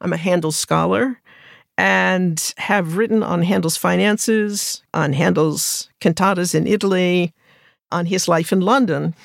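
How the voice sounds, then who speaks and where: Reflective woman musicologist, gravelly edge. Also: on the low side, measured pace, no echo, studio quality. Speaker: musicologist guest. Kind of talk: interview answers.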